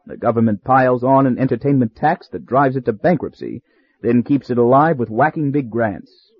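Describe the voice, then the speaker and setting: A man's voice: medium pitch, no room sound. A man doing a glib, genial storyteller. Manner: genial, glib, smoothing things over. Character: smooth persuasive British raconteur man. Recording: slightly dull dry recording.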